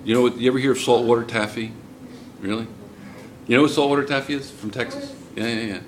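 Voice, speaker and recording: A man's voice: mid-range voice, lively intonation, fast, slight background noise. An American man with a New Jersey accent, a chemistry teacher lecturing and quizzing his class in a classroom. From United States. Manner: chatty, asks the class questions.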